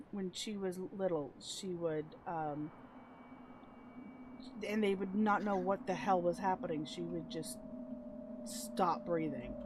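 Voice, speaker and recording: A middle-aged woman telling family stories in casual chat on a livestream, lively and laughing as she acts out quotes. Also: mid-range voice, a little hiss or hum. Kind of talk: casual storytelling.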